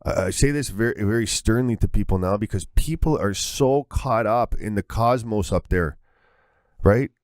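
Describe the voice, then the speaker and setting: A man's voice: fairly low pitch, normal speed, a little mellow, dry recording, studio quality. A man speaking as a spiritual guide in a casual talk, earnest and instructive, often repeating words.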